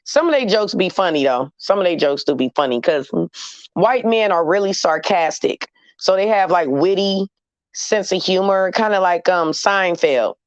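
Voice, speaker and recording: A woman's voice: fairly low pitch, animated, moderate pace, no room sound, muffled recording. A woman hosting a casual chat with her audience, talking in a blunt, candid and slangy way. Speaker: host talking to viewers.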